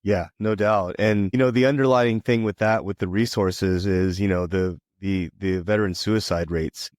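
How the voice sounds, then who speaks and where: A man's voice: low-pitched, steady tone, moderate pace, a little mellow, no room sound, studio quality. A man hosting an interview podcast, talking casually and rambling with lots of fillers. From Hawaii and Ohio. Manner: rambling, heavy on "you know" fillers. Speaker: podcast host.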